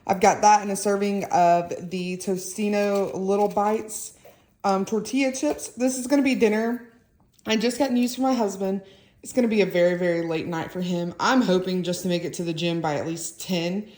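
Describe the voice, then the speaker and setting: A woman's voice: medium pitch, moderate pace. A young woman, chatting and rambling casually to her phone camera at home as a mother and vlogger. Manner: chatty, rambling, warm toward viewers. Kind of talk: casual vlog chat to camera. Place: at home indoors. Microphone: handheld phone camera.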